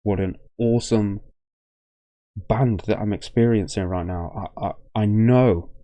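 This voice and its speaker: A man chats loosely to his viewers, sounding a bit tired. His voice sits low and mellow, recorded dry and close. He rambles, restarts and keeps thanking people. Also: measured pace, dry recording, dull audio. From Leicester, English Midlands. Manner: rambling, effusive, full of thank-yous and restarts. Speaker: music reaction channel host. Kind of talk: casual reaction-video chat.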